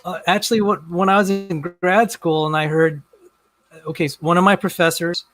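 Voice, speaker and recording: A man with a fairly high speaking voice for a man, answering questions in a rambling, halting manner with frequent restarts. The recording is dry and close, with no room sound. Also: fairly bright tone, dry recording, rough recording. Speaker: interview guest. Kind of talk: casual conversation.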